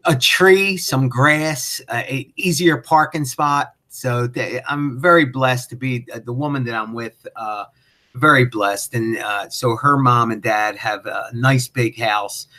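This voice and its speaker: A man in his fifties with a Philadelphia accent, chatting excitedly as a livestream guest, laughing often and restarting his sentences. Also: medium pitch, unhurried. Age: 50s. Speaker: guest drone pilot. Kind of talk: casual livestream chat.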